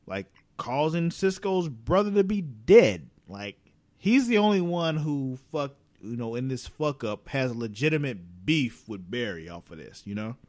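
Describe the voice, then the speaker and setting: A man's voice: medium pitch, unhurried. A man in casual chat about a TV episode, swearing freely and acting out the characters' lines in quotes. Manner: profane, animated, acts out characters' lines in quotes.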